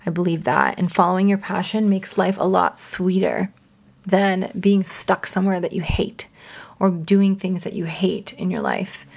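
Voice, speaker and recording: A woman's voice: on the low side, steady tone, normal speed, creaky, a little mellow. A woman in her twenties hosting her own podcast, talking casually and earnestly, with frequent laughs. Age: 20s. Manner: bubbly, earnest, laughs often. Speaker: podcast host. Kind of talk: casual solo podcast talk.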